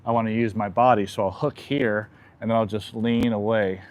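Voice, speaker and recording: A man working as an equine chiropractor, calmly explaining a hands-on demonstration with a horse and softly soothing it. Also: on the low side, moderate pace.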